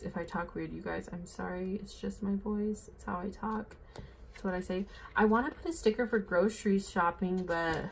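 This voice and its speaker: Young woman, casual planner vlog, chatty and rambling, slight vocal fry, faint hiss behind. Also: medium pitch, a little mellow. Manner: bubbly, rambling, says "like" and "oh my gosh" often. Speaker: planner vlogger.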